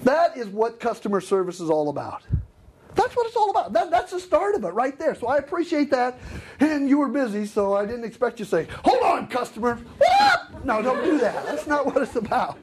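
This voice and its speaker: A man's voice: very high-pitched, a little fast, noisy background. A middle-aged man giving a live customer service training seminar, joking and acting out customers. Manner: animated, joking, acts out customers.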